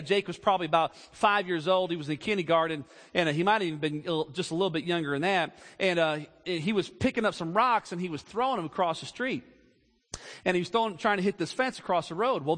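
A man's voice: high-pitched, a bit bright. A man preaching a sermon in a church, emphatic and calling for amens from the congregation. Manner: emphatic, call-and-response preaching. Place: church sanctuary. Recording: long hall reverb.

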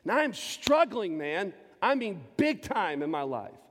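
A man in his forties, a pastor, giving an impassioned personal testimony from the pulpit, swinging between loud and hushed. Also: high voice, sing-song, slow, a little hiss or hum. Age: 40s. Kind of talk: sermon. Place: church sanctuary. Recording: long church reverb with faint music.

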